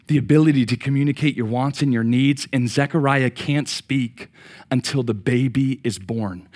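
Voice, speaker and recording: A middle-aged man preaching a sermon, swinging from loud excited peaks to quiet reflection and repeating words as he restarts. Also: mid-range voice. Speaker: pastor.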